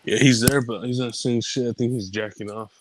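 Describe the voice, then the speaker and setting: A man's voice: mid-range voice, steady tone, a little fast, background noise. A man co-hosting a livestream, laid-back and blunt, laughing often between short casual replies. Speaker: livestream co-host. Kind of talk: casual profane chat.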